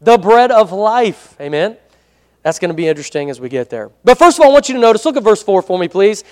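High pitched guy preaching, easygoing, lots of amens, big echoey hall. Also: big pitch swings, fast talker. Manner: conversational preaching with frequent amen prompts. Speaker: pastor. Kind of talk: sermon. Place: church hall. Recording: long hall reverb.

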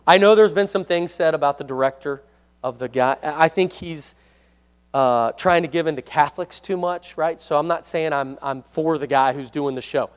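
A man leading a casual Bible study for a congregation, chatty and self-deprecating, often asking the room questions and reading verses aloud. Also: on the high side.

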